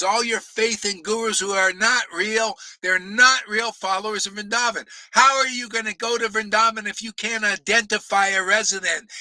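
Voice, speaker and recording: A man teaching a spiritual class outdoors in a desert, delivering a fiery, profane sermon, scolding listeners, often laughing and shouting. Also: sits high, no room sound, poor audio.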